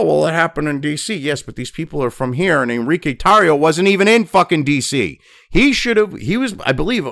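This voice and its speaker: A man's voice: on the high side, creaky, a bit bright, no echo, studio quality. A man hosting a news commentary show, ranting angrily and swearing constantly. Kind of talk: angry profane rant.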